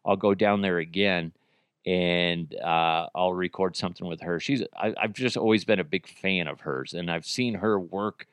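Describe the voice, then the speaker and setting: A man's voice: low voice, moderate pace, clean tone, no echo. Crude joking male podcast host. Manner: crude, joking, self-mocking. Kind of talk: casual solo podcast chat.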